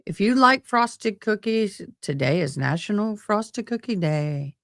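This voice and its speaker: A woman's voice: medium pitch, expressive, unhurried, no echo, clean studio sound. A woman hosting a live stream, chatting casually with viewers and joking between court proceedings. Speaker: livestream host commenting on a trial.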